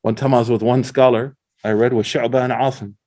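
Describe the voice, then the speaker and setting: A middle-aged man, an Islamic scholar, giving a casual religious lecture with animated storytelling, slang and recited Arabic quotations. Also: mid-range voice, fairly quick.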